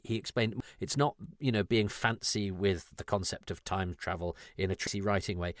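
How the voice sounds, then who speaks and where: A man's voice: on the low side, no echo, clean studio sound. A man hosting a podcast, talking in a rambling, self-interrupting, candid and reflective way. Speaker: podcast host. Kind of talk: casual conversational podcast discussion.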